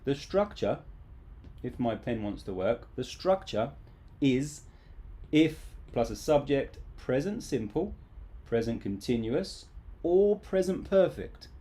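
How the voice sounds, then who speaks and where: A man's voice: medium pitch, very animated, takes it slowly, dark tone. A man teaching English grammar in a casual, playful live online class.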